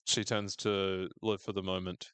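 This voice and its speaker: A man's voice: deep voice, little pitch movement, a little slow, a bit bright, clear, resonant tone, no room sound. A man co-hosting a podcast, recapping a show in casual chat and playfully putting on character voices. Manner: jokey, often mimics characters in raised voices. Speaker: podcast co-host.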